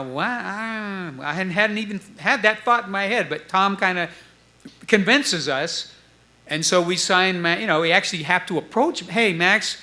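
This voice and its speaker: A man in his seventies telling stories on a club stage, acting out the voices of others in his tale. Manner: animated storyteller, acts out quoted voices with jumps in pitch. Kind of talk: storytelling chat before a live audience.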